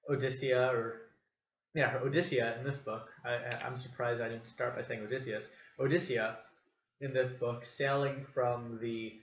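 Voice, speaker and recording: A man chatting his way through a comic review in a loose, rambling manner, full of fillers and restarts. The recording is roomy and dull, with a faint hiss underneath. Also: medium pitch. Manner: rambling, many fillers and self-corrections. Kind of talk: casual solo review talk.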